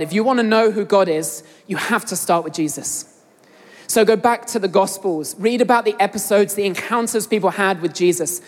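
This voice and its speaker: A woman's voice: on the low side, darkish tone. Young english woman preaching, talks straight to the congregation, big echoey hall. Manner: earnest, addresses the congregation directly. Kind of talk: sermon. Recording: long hall reverb.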